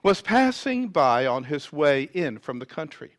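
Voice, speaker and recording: A man preaching a sermon, reading scripture dramatically and swinging from loud emphasis to near whispers. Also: a little high, big pitch swings, unhurried, dry recording.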